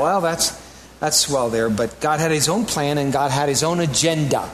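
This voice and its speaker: A man preaching a sermon as a pastor, animated and rising to emphatic peaks, with conversational asides to the congregation. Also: on the high side, moderate pace, slight background noise.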